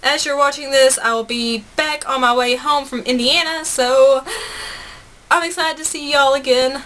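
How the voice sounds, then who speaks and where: A woman's voice: high-pitched, steady tone, normal speed, a bit bright, slight background noise. A young woman vlogging about games she bought, chatty and bubbly, rambling with laughs and asides. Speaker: gaming vlogger. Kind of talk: casual chat to camera.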